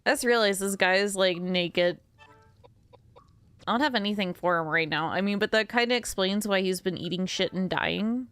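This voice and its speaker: Drowsy woman streamer, rambly and giggly with chat, smooth voice in a dead-dry room. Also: mid-range voice, normal speed, a bit bright, no room sound, soft background music. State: sleepy. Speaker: game streamer. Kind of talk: casual gameplay commentary.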